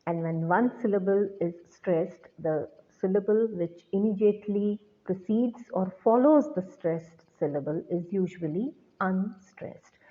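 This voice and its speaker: A woman teacher giving a recorded lecture, explaining slowly and deliberately to students. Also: medium pitch. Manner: slow, deliberate classroom explanation. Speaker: English teacher. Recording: tinny phone-like sound.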